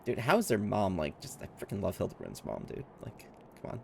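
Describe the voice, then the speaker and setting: A man streaming his reaction to a game, excitable and quick to exclaim, often laughing. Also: fairly low pitch, creaky, slight background noise. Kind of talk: casual video game reaction.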